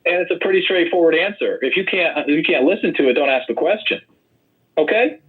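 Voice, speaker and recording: A man running as a political candidate, talking loud and rambling and mocking his opponents in a heated online debate. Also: on the high side, expressive, quick pace. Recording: tinny call audio.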